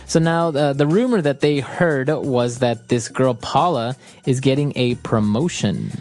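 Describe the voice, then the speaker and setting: Man co-host, middle pitch, brisk explaining, faint music behind. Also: darkish tone. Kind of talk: teaching English phrases.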